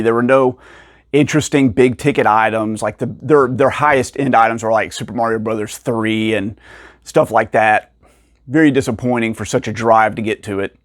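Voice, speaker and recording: A man casually telling stories about finding rare video games, acting out the people in them with sudden jumps in pitch and frequent laughs. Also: no echo, studio quality. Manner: animated, acts out quoted dialogue with pitch jumps. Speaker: video game collector and channel host. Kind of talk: casual storytelling to camera.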